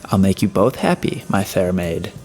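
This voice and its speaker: A man's voice: deep voice, sing-song, moderate pace, a little mellow, faint music behind. A man voicing a menacing, mocking middle-aged schemer in a storybook reading, familiar and cajoling.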